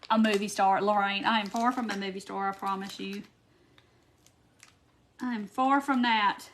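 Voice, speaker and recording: A woman's voice: fairly high pitch, fairly bright tone, slight background noise. A woman, chatting in a casual craft livestream while she works and tells stories to her viewers. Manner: chatty, storytelling, says "y'all". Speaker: craft host.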